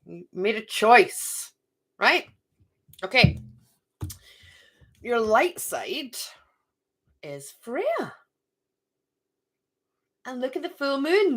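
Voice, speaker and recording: A woman's voice: fairly high pitch, big pitch swings, extremely slow, pauses often. A woman giving a casual, chatty spiritual card reading to her viewers, often checking in with "okay?" and "right?".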